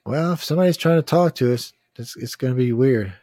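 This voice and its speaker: A man's voice: medium pitch, a little fast, warm tone, no room sound, studio quality. A man hosting a casual news talk, reading headlines and rambling bluntly with swearing and trailing-off sentences.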